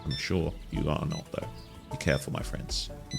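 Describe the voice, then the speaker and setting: A man hosting a playful, animated game walkthrough, often calling viewers his friends. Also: very deep voice, moderate pace, creaky, over music. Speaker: gaming guide host.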